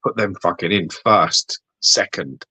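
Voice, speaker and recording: British man, very low husky voice, dry sound, animated sweary podcast rants. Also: measured pace, dry recording. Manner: animated ranting, swears freely. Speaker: podcast co-host. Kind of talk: casual chat.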